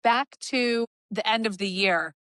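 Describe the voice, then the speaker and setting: A woman co-hosting a podcast, telling lively stories in casual chat and acting out the people in them. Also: fairly high pitch, a little slow, clean tone, no room sound. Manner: animated storytelling with quoted voices. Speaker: podcast co-host.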